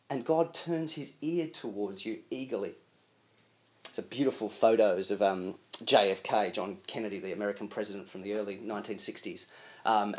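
Lively man preaching. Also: on the low side. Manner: animated, conversational, chuckling asides. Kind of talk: sermon.

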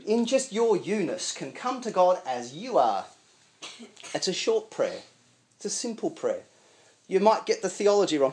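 A man preaching a sermon in an animated, conversational way with chuckling asides. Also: fairly high pitch.

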